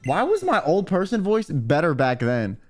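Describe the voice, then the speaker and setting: A man's voice: a little high, wildly swooping pitch, moderate pace, music in the background. A young man streaming, reacting casually to his own old videos in a slangy, rambling way. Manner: laid-back, slangy, rambling.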